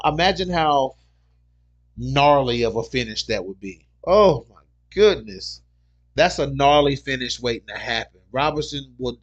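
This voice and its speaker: An excitable man hosts a casual livestream about fights, reading viewer comments aloud as they come in. He talks in loose slang and repeats his points over and over. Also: mid-range voice, dull audio. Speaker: MMA livestream host.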